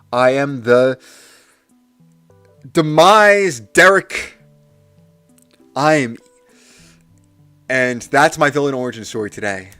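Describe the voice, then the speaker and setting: A man's voice: mid-range voice, fairly bright tone, dry recording. Young male streamer, playful theatrical grumbling, dry close-mic sound with faint music behind. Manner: playful mock-villain ranting, lots of restarts. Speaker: livestreamer. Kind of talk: casual live-stream rant.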